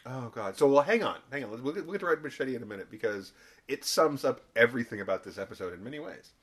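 A man's voice: mid-range voice, fast talker, slightly rough. A man co-hosting a podcast, chatting casually and animatedly about a TV episode. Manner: animated, jumps into voices when retelling. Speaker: podcast co-host.

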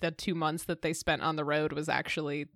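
A woman's voice: deep voice, a little fast, no room sound, studio quality. A woman co-hosting a podcast, chatting casually and thinking aloud about an episode. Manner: relaxed, musing, with fillers. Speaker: podcast co-host. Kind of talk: casual chat.

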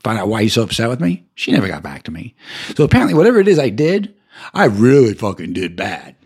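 An angry man rants alone on his podcast, swearing constantly. His husky voice swings through a wide pitch range and jumps up high whenever he gets worked up. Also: huge pitch swings, quick pace, darkish tone. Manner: profane, ranting, voice jumps high when heated. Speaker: podcast host. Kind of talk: angry solo rant.

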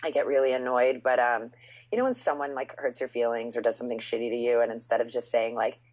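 Woman, 30s, deep husky voice, chatty storyteller guest, lo-fi podcast sound. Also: fast talker. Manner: storytelling, animated quotes, frequent "like". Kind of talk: casual chat.

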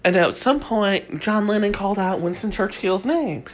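A woman from Kentucky with a Kentucky Southern accent, hosting a crude, sassy comedic gossip monologue with drawn-out emphasis. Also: mid-range voice, expressive. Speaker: celebrity gossip host.

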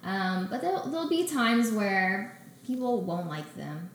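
A young woman telling her story as a guest in a casual interview, acting out her own quotes with animated energy. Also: mid-range voice, measured pace, a little hiss or hum. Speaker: guest, baker and business owner. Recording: echoey room with faint ambience.

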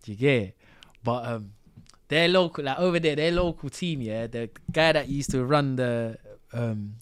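A man chatting as a guest on a podcast, telling his story in loose, slang-filled speech. He acts out the voices of the people in it with lively energy. His pitch sits at an ordinary middle height for a man. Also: moderate pace, smooth. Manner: slang-heavy, animated storyteller acting out quotes. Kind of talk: casual storytelling chat.

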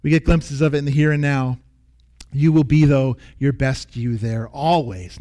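A pastor preaching a sermon with earnest, emphatic repetition, sometimes dropping to a soft near-whisper. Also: male voice, medium pitch, normal speed.

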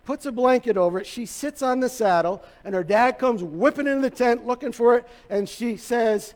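A man's voice: very high voice, moderate pace, hardly any pauses, a little mellow. A male pastor preaching a sermon, retelling a story in a conversational way with touches of humor. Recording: reverberant hall.

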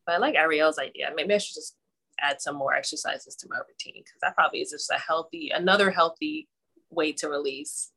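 A young adult woman co-hosting a podcast, telling relaxed, chatty stories among friends. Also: low voice, fairly quick, breathy edge. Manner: chatty, laid-back storytelling. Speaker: podcast co-host. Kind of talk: casual chat.

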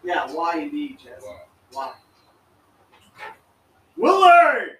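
A man's voice: sits high, sing-song, moderate pace, a bit bright, slight background noise. A man co-hosting a podcast in casual chat outdoors by a fire, swearing a lot and teasing his friends. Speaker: podcast co-host. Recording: echoey outdoor sound from far off mic.

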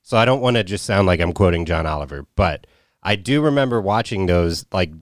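A man's voice: low voice, lively intonation, a little fast, no room sound, clean studio sound. A man co-hosting a podcast in casual, profane, wisecracking chat. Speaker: podcast co-host.

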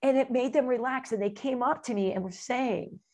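Lively storytelling woman, laughing often. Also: a little high, normal speed. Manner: animated, laughs often, acts out quotes. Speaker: guest, motivational speaker. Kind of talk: casual interview storytelling.

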